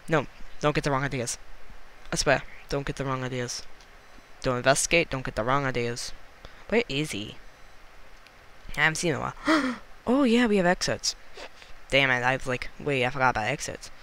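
Bright-voiced man joking through gameplay. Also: medium pitch, animated, a little hiss or hum. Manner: playful, jokey, quick to exclaim. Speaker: gaming channel host. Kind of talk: let's-play commentary.

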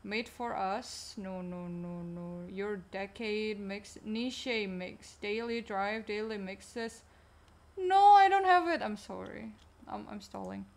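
A woman's voice: mid-range voice, steady tone, slow pace, creaky. A woman streamer chatting casually while gaming, answering chat in a chatty, distracted way.

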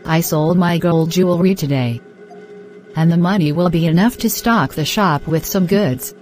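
A woman's voice: lowish voice, normal speed, a little mellow, faint music behind, lightly acted. A woman voicing an earnest, hopeful wife. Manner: reassuring, earnest.

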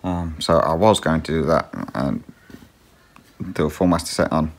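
A cross-stitch vlogger chats casually while answering viewer questions, rambling with lots of ums and little laughs and talking to a pet between answers. The voice is bass, steady in tone, at normal speed.

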